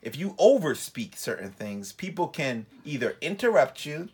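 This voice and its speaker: A man on a casual podcast, moving between quick jokes and slow, thoughtful advice. His voice is husky, with pitch that jumps around lively. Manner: wisecracking, then reflective advice. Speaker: podcast co-host. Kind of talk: casual chat.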